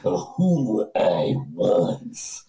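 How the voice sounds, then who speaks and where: A man voicing a menacing masked male villain, speaking slowly in a heavy, drawn-out way. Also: sits low, very animated, dark tone, pitched below the performer's own voice, heavily acted, rough recording. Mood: brooding.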